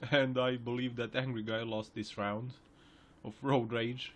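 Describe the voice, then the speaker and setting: A man's voice: mid-range voice, level tone, a little slow, slight background noise. A man hosting a video, giving joking, chatty reaction commentary over clips and laughing often.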